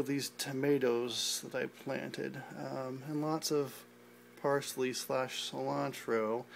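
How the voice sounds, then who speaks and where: Casual male home gardener, mid pitch with a gravelly edge; unpolished, self-mocking walkthrough recorded on a phone. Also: slight background noise. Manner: rambling, self-deprecating, many fillers and restarts. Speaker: home gardener giving a tour. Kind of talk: casual unscripted garden tour. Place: indoor garage garden. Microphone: phone camera held while walking.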